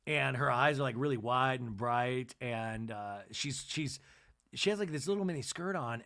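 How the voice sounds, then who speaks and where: Lively, rambling male podcast host. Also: medium pitch. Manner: chatty, rambling, self-interrupting. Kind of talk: comic episode recap.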